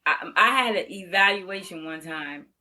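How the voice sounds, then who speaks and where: Blunt, bright-voiced older woman. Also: lowish voice, normal speed. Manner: blunt, frank, laughs easily. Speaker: veteran educator, podcast guest. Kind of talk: candid interview talk.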